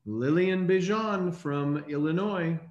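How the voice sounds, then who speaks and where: A man hosting a casual online call, reading out names in an upbeat, brisk way. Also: high voice, darkish tone, echoey room, lo-fi sound. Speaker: host.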